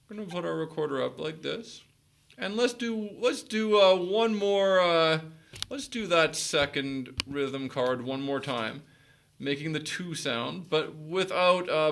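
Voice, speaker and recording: A man teaching children the basics of the recorder, giving clear step-by-step instructions and frequent encouraging praise. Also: a little high, pushed and bright. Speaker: music teacher.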